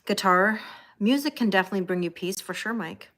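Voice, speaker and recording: A Canadian woman with a mid-range, fairly bright voice talks rather quickly as she hosts a live tarot stream. She reads viewer comments aloud and chats reassuringly to her audience, often saying "you know?".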